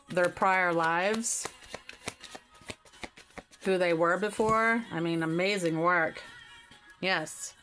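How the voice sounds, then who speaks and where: A woman's voice: fairly low pitch, a bit bright. A woman giving a casual tarot reading, talking straight to the viewer in a chatty way and laughing easily. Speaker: tarot reader. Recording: faint music behind.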